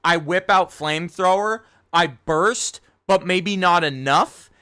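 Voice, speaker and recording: A man's voice: high voice, takes it slowly, pushed and bright, clean tone. A young man chatting casually on a live game stream, rambling, self-critical and swearing often.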